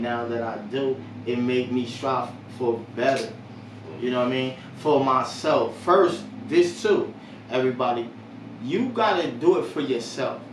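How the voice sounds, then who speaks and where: A man's voice: mid-range voice, a little hiss or hum. A man in casual podcast chat, telling stories candidly and rambling, often saying "you know what I mean". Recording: roomy distant mic.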